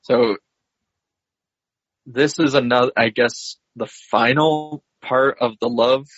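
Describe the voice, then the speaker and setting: A man with a husky voice co-hosts a film podcast and walks through the plot scene by scene. He speaks in a measured, somewhat hesitant way. The recording is dry and slightly muffled. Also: mid-range voice, fairly even intonation, fairly bright tone, dry recording. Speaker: podcast co-host. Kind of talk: casual film discussion, retelling the plot.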